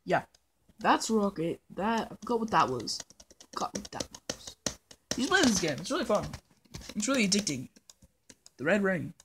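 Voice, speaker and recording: Recorded on a phone against a noisy background, a gaming channel host does casual let's-play commentary in an affected British accent. She is playful and self-mocking, rambling and drifting into hummed nonsense, with a medium pitch, big pitch swings, normal speed and long pauses.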